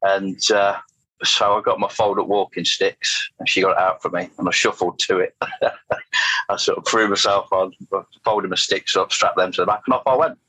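Low-voiced middle-aged man, rambling. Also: fairly even intonation, normal speed, bright, forceful tone, husky, no room sound, poor audio. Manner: rambling, anecdotal, frequent restarts and fillers. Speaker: guest, motorcycle test rider. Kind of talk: casual storytelling interview.

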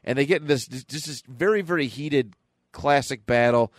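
A man co-hosting a podcast, recapping a comic book in casual chat and jumping into quick character voices as he goes. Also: mid-range voice, dry recording. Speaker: podcast co-host.

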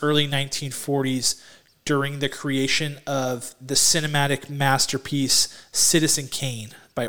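A man co-hosting a casual movie podcast, excitable and gushing, with many "like"s and restarts. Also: medium pitch. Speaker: podcast co-host.

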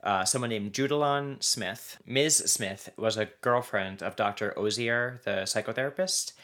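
Bright-voiced man narrating a case. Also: on the low side, normal speed. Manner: recounts case details with frequent "um" and "like". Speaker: podcast host. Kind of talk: casual true-crime storytelling.

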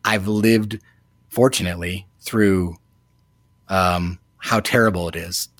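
A man in his thirties, a new father, telling a personal story in a reflective, halting way with many fillers. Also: low voice, steady tone, a bit bright, dry recording, clean studio sound. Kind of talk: casual storytelling.

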